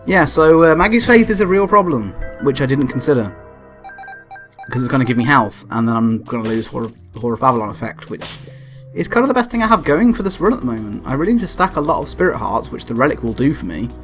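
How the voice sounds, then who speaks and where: Young male gameplay commentator, very animated pitch, sweary and excitable. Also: fast, soft background music. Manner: excitable, yelps and shouts at the game when frustrated; swears and laughs often. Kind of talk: let's play commentary.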